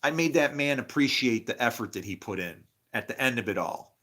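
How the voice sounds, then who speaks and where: A middle-aged man talks in a long, rambling monologue, profane and excitable. His voice is bright and forceful at an ordinary pitch. He swings into loud, preachy outbursts between stretches of casual storytelling. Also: fairly quick. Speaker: guest.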